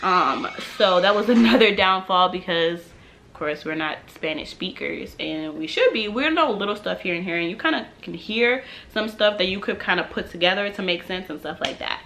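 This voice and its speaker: A woman's voice: lowish voice, lively intonation, normal speed, vocal fry, a bit bright, slight background noise, rough recording. A young woman vlogger telling a storytime tale in a casual, slangy way, acting out quotes and laughing along.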